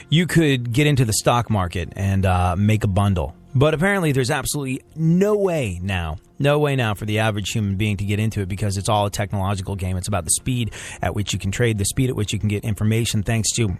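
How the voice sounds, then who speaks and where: A man hosting a comedy news podcast, rambling and excitable, with many restarts. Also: fairly low pitch, fast. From United States. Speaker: podcast host.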